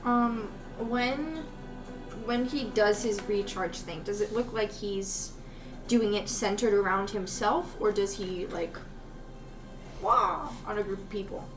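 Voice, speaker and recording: A woman playing a tabletop game, asking quick, animated questions about the action. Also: mid-range voice, poor audio. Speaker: player. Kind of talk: casual tabletop play. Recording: music playing underneath.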